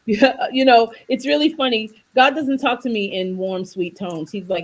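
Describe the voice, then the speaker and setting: Speaking at a normal speed with hardly any pauses, this woman has a voice on the high side, captured in a low-quality recording. She's a wellness coach on a video call giving a faith-based livestream talk on faith and health, a preachy, animated storyteller who acts out voices in jokes.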